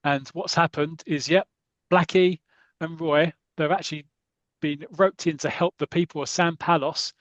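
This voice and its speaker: A podcast host retells a comic story in a lively, chatty way, restarting his sentences as he goes. His voice sits fairly high for a man, and the sound is dry and close. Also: normal speed, no echo, lo-fi sound. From Britain. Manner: lively, recounts the comic scene by scene with many restarts. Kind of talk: casual storytelling chat.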